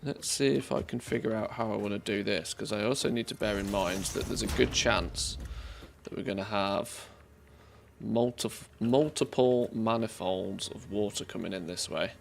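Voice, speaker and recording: Gravelly streamer thinking aloud. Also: male voice, fairly low pitch, moderate pace, slight background noise. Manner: thinking aloud, chatty, laughs easily. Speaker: game streamer. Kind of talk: casual live-stream commentary.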